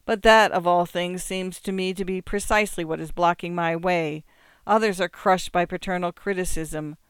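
A measured, reflective narrator reading literary fiction aloud. The voice is smooth and resonant, recorded on a close studio mic with a completely dry sound. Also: mid-range voice, fairly even intonation, fairly bright tone, no room sound. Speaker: audiobook narrator.

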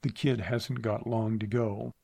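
A man voicing a weary gunman with a flat, clipped way of talking. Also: on the low side, a little slow, vocal fry, slightly rough, exaggerated voice. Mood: bleak. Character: weary male gunman, guarded and terse.

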